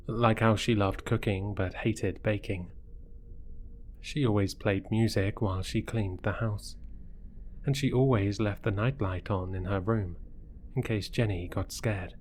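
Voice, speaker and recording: A man reading a horror story aloud in a measured, scripted narration. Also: on the low side, darkish tone, slight background noise. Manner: slow, measured storytelling delivery.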